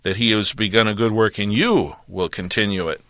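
A man with a bright, forceful, somewhat low voice talks about his teaching work in an earnest, measured way. He has a preacher's cadence and frequent thinking pauses. The sound is dry and close. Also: no room sound. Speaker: ministry representative, Bible teacher. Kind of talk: radio interview about his ministry.

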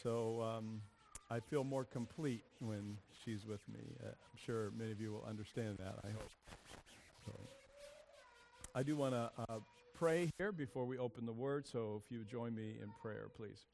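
A man's voice: on the low side, normal speed, creaky, a little mellow. A man preaching a sermon, opening with prayer and explaining word origins in an easygoing, thinking-aloud way. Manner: casual, thinking aloud with fillers. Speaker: pastor.

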